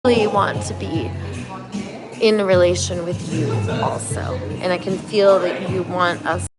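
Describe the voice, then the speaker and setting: Woman doing her own mom, slow earnest pleading therapy talk, plain normal voice, music behind. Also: on the low side, fairly even intonation, lightly acted. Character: earnest mother pleading with her grown daughter.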